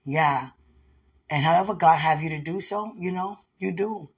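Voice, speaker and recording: Sitting by a window at home, this man vlogs a rambling, affectionate, devotional message to his fiancé, laughing frequently. He speaks at a moderate pace in a slightly high voice with a breathy edge.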